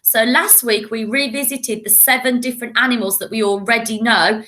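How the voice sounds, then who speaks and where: An English woman, a primary school teacher, giving a recorded lesson to children, speaking clearly and encouragingly and modelling words for them to repeat. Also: mid-range voice, sharp tone.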